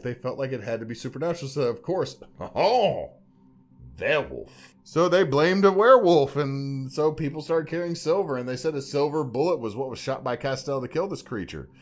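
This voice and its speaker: Rambling, animated male podcast co-host. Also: medium pitch. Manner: rambling, animated storyteller with tangents. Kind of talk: casual chat.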